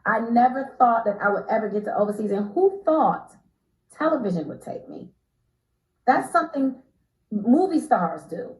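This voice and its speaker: American woman telling a lively story. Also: normal speed, reverberant, rough recording. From United States. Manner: emphatic, laughing, swings from low to high pitch. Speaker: interview guest. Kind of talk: animated storytelling.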